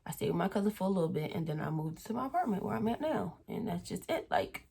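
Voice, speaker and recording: A woman's voice: mid-range voice, very animated, quick pace, gravelly, dark tone, breathy edge. A young adult woman telling a personal story in a casual vlog, blunt and full of swearing. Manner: blunt, profane, chatty storytelling. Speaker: vlogger.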